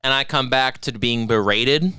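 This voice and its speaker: A young man co-hosting a podcast, telling stories in casual banter with a deadpan edge. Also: medium pitch, moderate pace, clear, resonant tone, dry recording, clean studio sound. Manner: deadpan storytelling with mock-drunk asides. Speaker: podcast co-host.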